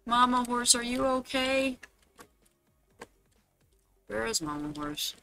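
A man streaming a game live, talking casually to his chat, fretting aloud and now and then bursting into loud dramatic cries. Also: very high voice, animated, slow, creaky, clean tone, soft background music.

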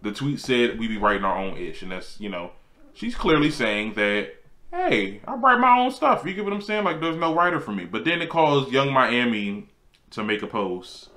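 A man hosting his own celebrity gossip show, chatting casually and sassily, jumping up in pitch to make a point. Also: moderate pace. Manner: animated and sassy, swings high for emphasis. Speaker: host.

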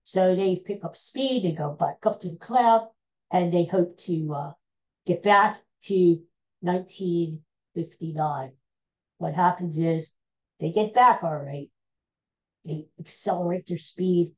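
A woman hosting a podcast, recapping old TV episodes in a casual, meandering, animated storytelling way. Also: fairly low pitch, slow, rough recording. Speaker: podcast host.

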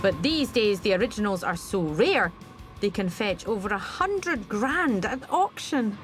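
A woman's voice: medium pitch, very animated, measured pace, over music. A woman with a Glaswegian accent reading a light, wry scripted voice-over. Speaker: TV presenter.

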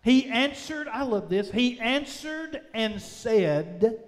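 High-voiced preacher man in a reverberant church. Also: animated. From United States. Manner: preaching with emphatic drawn-out phrases, swinging between loud and soft. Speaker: pastor. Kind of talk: sermon. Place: church sanctuary. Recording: long reverb of a church sanctuary.

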